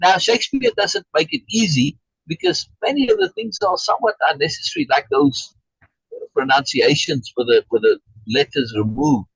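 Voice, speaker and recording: A man's voice: a little high, sing-song, brisk, vocal fry, breathy edge, no room sound, dull audio. Man teaching over a video call. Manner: explains with many restarts and "right?" checks, reads chat comments aloud. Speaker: Shakespeare reading group leader. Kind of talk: casual online teaching chat.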